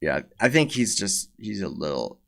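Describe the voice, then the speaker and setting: A man co-hosting a podcast, talking haltingly with many fillers in casual chat. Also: on the low side, sing-song, gravelly, fairly bright tone. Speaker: podcast co-host.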